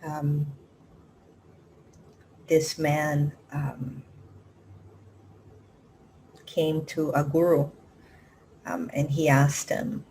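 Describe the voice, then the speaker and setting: A woman meditation teacher giving a gentle, measured mindfulness talk, pausing often with soft ums. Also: low-pitched, little pitch movement, a little hiss or hum, rough recording. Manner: soft-spoken, measured, frequent pauses and ums.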